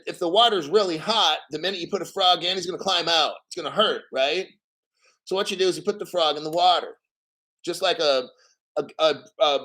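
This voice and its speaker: A man's voice: on the high side, a bit bright. A middle-aged man hosting a casual livestream, ranting bluntly and profanely and checking in with "okay?". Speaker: crypto livestream host.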